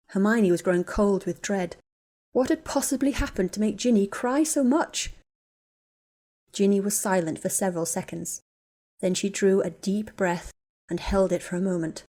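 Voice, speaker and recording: A woman reading a story aloud. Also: on the low side. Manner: even, measured storytelling. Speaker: narrator.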